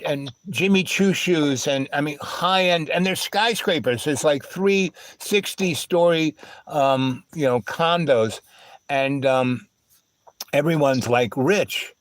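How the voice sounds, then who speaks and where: A man's voice: on the high side, no echo. A man telling stories in casual talk, acting out the voices in his quoted dialogue. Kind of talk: casual storytelling.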